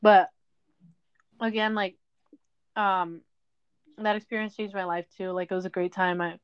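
A woman's voice: mid-range voice, fairly even intonation, unhurried, clean tone, no room sound. Rambling candid young woman, lo-fi. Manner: rambling, candid, lots of fillers and apologies. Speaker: podcast host. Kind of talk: casual personal monologue. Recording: dull lo-fi dry sound.

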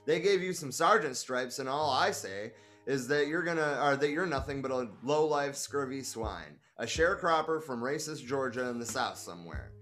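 A man's voice: mid-range voice, lively intonation, moderate pace, soft background music, natural voice. A man reading a defiant young activist leader. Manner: forceful, confrontational.

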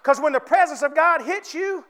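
A male preacher with a very high voice delivers a fervent sermon. He keeps calling out to the congregation and drawing them in. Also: normal speed, sharp tone. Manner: fervent, calls out to the congregation for responses.

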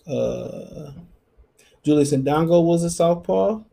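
Gravelly, dark-voiced man chatting boxing. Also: fairly high pitch, slow. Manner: loose, slangy, thinks aloud. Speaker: podcast host. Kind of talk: casual solo boxing talk.

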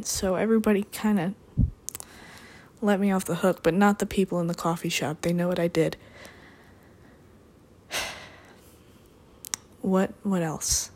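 A young adult woman talking alone in a rambling, deadpan way, drifting between topics with dry asides. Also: mid-range voice. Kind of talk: rambling solo monologue.

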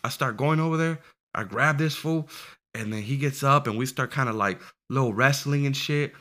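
A man in his twenties telling a story in casual, profane chat, lively and laughing as he goes. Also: medium pitch, moderate pace. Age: 20s. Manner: animated, profane, laughs while telling stories.

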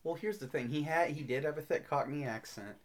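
A man's voice: a little high, a little fast. Man telling film history anecdotes. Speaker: podcast co-host. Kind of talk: casual film discussion, storytelling.

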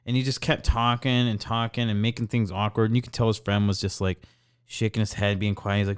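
A man's voice: on the low side, fast, clear, resonant tone. A young adult man co-hosting a podcast, telling a store story in casual chat and mimicking customers with a raised voice. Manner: animated, mimics customers in raised voice, swears freely. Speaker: podcast co-host.

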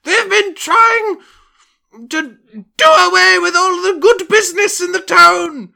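A man voicing an excitable old gentleman who shouts eagerly in a crowd, his voice jumping far up. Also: extremely high pitch, slow pace, vocal fry, pitched above the performer's own voice, full character voice. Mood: fervent.

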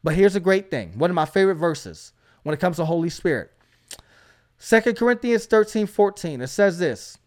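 Male preacher-host, high voice, emphatic exhorting delivery with lots of call-outs. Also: big pitch swings, moderate pace, darkish tone. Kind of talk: energetic preaching.

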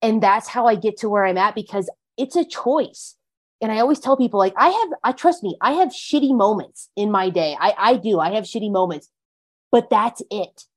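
An earnest woman speaking in a middle pitch, casual and heartfelt. She drops "like" into nearly every phrase as she talks through her own story. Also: lively intonation, normal speed. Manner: earnest, heavy use of "like" fillers. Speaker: podcast guest. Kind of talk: casual conversation about recovery.

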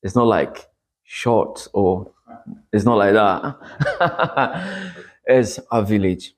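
Brief: preacher, male, husky voice, earnest testimony that climbs in pitch at dramatic moments. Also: very animated, drawn-out words. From Democratic Republic of Congo. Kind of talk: sermon testimony.

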